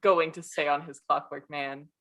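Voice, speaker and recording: A woman's voice: low voice, steady tone, moderate pace, a bit bright. A young woman co-hosting a casual book podcast, analytical and wry, acting out characters' lines as she goes. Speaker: podcast co-host.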